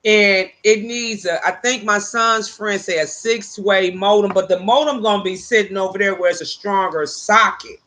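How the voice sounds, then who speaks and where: A woman talks into her phone on a live stream from outside on her porch. She rambles and cusses in an animated, exasperated way. Her voice is bright and sharp, and her pitch sits in a middle range for a woman. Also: moderate pace, hardly any pauses. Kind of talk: casual live-stream chat. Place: outdoors on a porch.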